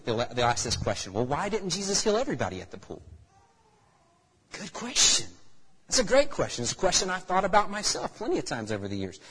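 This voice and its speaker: A man's voice: medium pitch, fairly bright tone, breathy edge. A man preaching a sermon in a church hall, asking the congregation rhetorical questions. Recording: echoey hall reverb.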